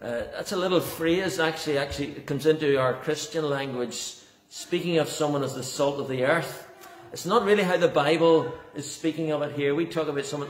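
A man's voice: fairly high pitch, moderate pace, slight background noise. A man preaching a sermon as pastor, earnest and emphatic, often repeating words for stress. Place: church. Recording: echoey church hall.

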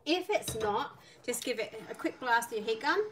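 A woman's voice: on the high side, lively intonation, moderate pace, fairly bright tone. A middle-aged woman with an Irish lilt blended with an Australian accent teaches a live online craft class. She chats freely and greets viewers by name between instructions. Her voice sits a little back from the mic, with a faint hiss behind it. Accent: Irish mixed with Australian. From Northern Ireland. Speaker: art teacher. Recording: slightly distant mic, faint noise.

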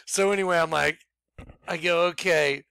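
A man giving an excitable, rambling personal testimony about his ministry, bursting into shouts. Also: sits high, normal speed, smooth, dry recording. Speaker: ministry leader.

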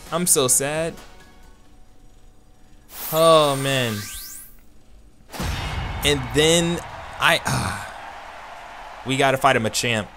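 A man commentating his own online fighting game matches, animated and self-deprecating, with quick outbursts and laughs. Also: a little high, vocal fry. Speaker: gaming YouTuber. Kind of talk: let's play commentary. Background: game music.

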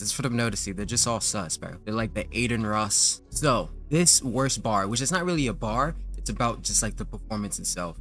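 A man's voice: lowish voice, sharp tone. A young man hosting a reaction video, talking casually and incredulously with lots of slang. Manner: slangy and incredulous, full of "like" and "bro".

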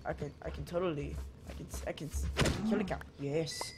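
A man's voice: on the high side, a little fast, noisy background. A man giving casual, rambling gameplay commentary, joking to his viewers and chatting at his cat as he plays. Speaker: gaming channel host.

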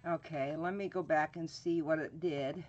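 A woman's voice: sits low, fairly even intonation, darkish tone, dull audio. A woman hosting a live painting tutorial, chatting casually, greeting viewers by name and thinking aloud with frequent fillers as she works. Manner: slow, drawn-out speech with frequent fillers. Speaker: craft channel host.

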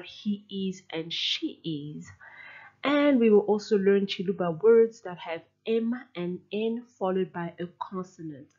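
A woman teaching a pronunciation lesson, drilling words slowly and carefully, repeating each one with clear emphasis. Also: mid-range voice, a little mellow, lo-fi sound. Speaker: language teacher.

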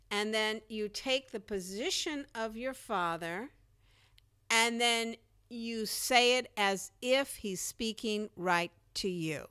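A woman teaching comedy and public speaking in an animated, demonstrative way, acting out examples as she goes. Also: a little high, takes it slowly. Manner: animated, demonstrative, jumps into character voices. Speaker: speaking coach. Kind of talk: comedy presentation lesson.

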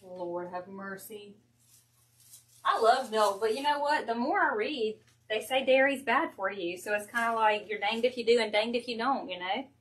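A woman's voice: on the high side, fairly bright tone. A woman hosting a crafting livestream, chatting casually and easily while she works. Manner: easygoing, chatty, quick to laugh.

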